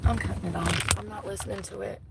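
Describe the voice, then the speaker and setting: A woman's voice: mid-range voice, steady tone, fast, creaky, very noisy. A woman who works as a bartender, venting bluntly with lots of swearing in a casual vlog.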